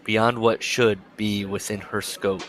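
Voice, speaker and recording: Lowish guy chatting about a book, laughs, swears, reads lines out. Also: little pitch movement, slow, fairly bright tone, slight background noise. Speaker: podcast co-host. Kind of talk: casual book discussion, reading passages aloud.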